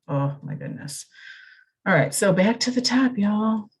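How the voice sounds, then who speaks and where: A low-voiced woman talks through a math lesson in a relaxed, chatty way. Her voice is a little husky, and she thinks aloud, stops and corrects herself as she works the problems. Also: a little fast. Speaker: math teacher. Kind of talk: recorded lesson walkthrough.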